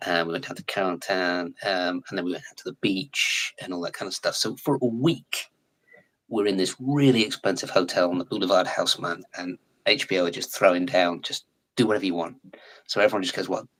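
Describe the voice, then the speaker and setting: A low-voiced Englishman with a husky edge tells stories in a relaxed live chat. He is animated and laughs easily, and he breaks into other accents as he talks, all over a video call. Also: rough recording. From England. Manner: animated storyteller, laughs often, slips into accents. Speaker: actor guest. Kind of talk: casual interview chat.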